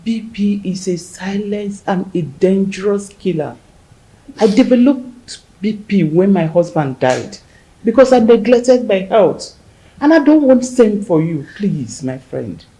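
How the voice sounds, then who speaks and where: A middle-aged actress with a Nigerian accent playing a widow gently consoling a grieving friend in a film. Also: female voice, medium pitch, lively intonation, measured pace, low-quality recording. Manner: soothing, motherly, hushed.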